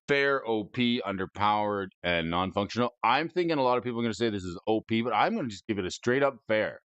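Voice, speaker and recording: A man with a fairly low voice rates game cards on his stream, playful and goofy, tossing in silly wordplay. His pitch swings widely as he talks. The mic sounds dull and lo-fi, in a dry room. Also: a bit bright, no room sound. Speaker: host. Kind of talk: casual commentary rating cards.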